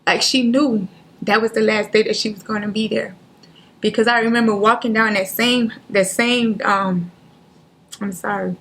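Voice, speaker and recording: A woman's voice: on the high side, fairly even intonation, fairly bright tone. Earnest woman telling a painful story. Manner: earnest, halting, acts out the voices of others. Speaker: talk show guest. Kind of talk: emotional personal story in interview.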